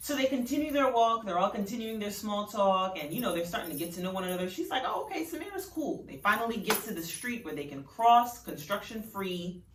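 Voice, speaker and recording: A woman's voice: mid-range voice, brisk, a little hiss or hum. Chatty woman telling a story, far mic. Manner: chatty, filler-heavy. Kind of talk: casual storytelling. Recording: roomy, distant mic.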